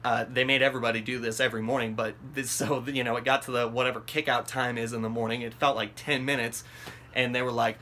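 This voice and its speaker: Talking fast at a medium pitch, a vlog host rambles through a wild story, cursing freely and piling on fillers and restarts. The delivery is casual and animated, his voice shooting up as he mimics his own moment of panic.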